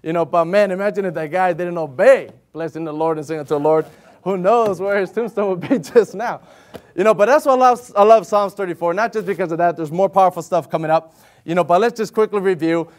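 A man with a noticeably high-pitched voice delivers a sermon, talking to his listeners like friends but leaning hard on the words that matter. When he reads from the Bible he slows into a steady, measured cadence. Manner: earnest and conversational, rising to emphatic stresses; reads scripture in slow, measured King James cadence. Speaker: lay preacher.

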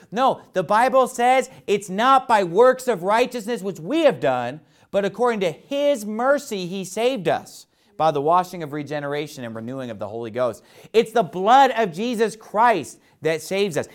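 A preacher giving a Bible sermon, explaining verses plainly, asking rhetorical questions, and reading old-style scripture slowly and with emphasis. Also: mid-range voice. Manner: reads King James verses slowly and emphatically.

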